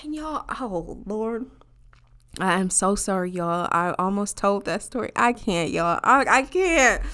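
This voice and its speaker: A woman telling a personal story to her viewers in a casual, animated, profane way, often saying y'all. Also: medium pitch, unhurried, clear, resonant tone.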